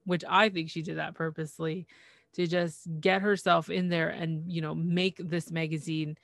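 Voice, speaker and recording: Low-voiced woman, dry close sound. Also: no room sound. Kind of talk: casual recap chat.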